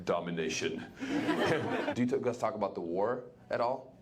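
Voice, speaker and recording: A German stand-up comedian with a German accent, working the crowd with brash, punchy delivery on a club stage. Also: male voice, lowish voice, expressive, a little slow, roomy sound. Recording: live club audio with loud crowd.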